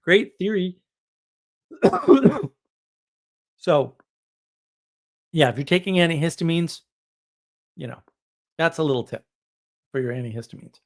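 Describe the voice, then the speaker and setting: A man's voice: on the high side, lively intonation, a little slow, long pauses, a little mellow. A man hosting a live stream, chatting casually in a rambling way and laughing at his own stories. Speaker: livestream host.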